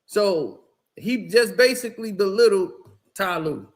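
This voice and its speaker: A man's voice: high voice, expressive, a little slow. A man hosting a basketball channel, telling a locker-room story in a slangy, emphatic way and acting out what people said. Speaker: basketball commentator channel host. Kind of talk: casual storytelling monologue.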